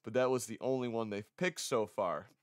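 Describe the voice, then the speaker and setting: A man's voice: medium pitch, moderate pace, smooth, dry recording, studio quality. A man streaming casually, rambling and self-conscious, a little congested. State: slightly congested. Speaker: vtuber streamer.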